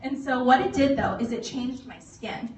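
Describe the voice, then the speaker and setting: A woman in her thirties giving a personal testimonial to an audience, animated, laughing often and acting out voices. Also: sits high, normal speed, slight background noise. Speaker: motivational speaker. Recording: echoey hall recorded from far off.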